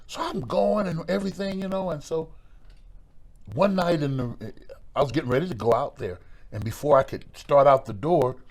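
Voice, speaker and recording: A middle-aged man, a former pro wrestler, telling stories in a relaxed interview, with a lively way of talking that acts out voices and repeats words. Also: a little high, moderate pace. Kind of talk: storytelling in a podcast interview.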